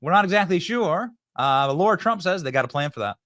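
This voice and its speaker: A man hosting a political commentary show, hyped and quick, often tripping over and repeating his words. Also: high voice, lively intonation, a bit bright, no echo, studio quality.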